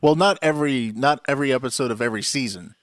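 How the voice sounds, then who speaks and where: A man's voice: mid-range voice, quick pace, dry recording, clean studio sound. A man co-hosting a casual podcast, talking loosely and using lots of fillers. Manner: loose, filler-heavy chatter. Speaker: podcast co-host. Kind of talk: casual chat.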